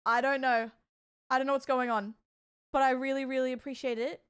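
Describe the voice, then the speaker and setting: A woman's voice: high voice, a little fast, clear, resonant tone. A young woman streaming, chatting casually with her viewers, giggly and rambling, blurting out crude jokes. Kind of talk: casual livestream chat.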